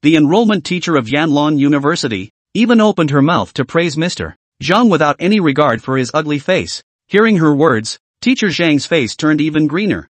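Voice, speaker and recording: Male recap narrator, lively voice. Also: a little high, brisk, few pauses, no room sound. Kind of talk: scripted narration.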